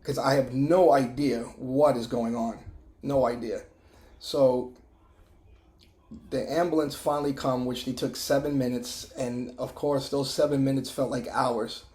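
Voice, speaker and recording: A middle-aged man sharing a personal testimony in an emotional, halting way, with many restarts and fillers. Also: medium pitch, fairly even intonation, a little mellow, reverberant. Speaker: testimony vlogger.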